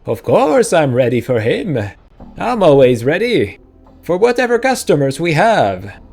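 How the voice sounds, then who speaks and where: A man's voice: on the high side, big pitch swings, unhurried, creaky, darkish tone, faint music behind, exaggerated voice. A man voicing a small, pompous male shopkeeper with a comic put-on accent, in a video game read-aloud. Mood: blustering. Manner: pompous, indignant.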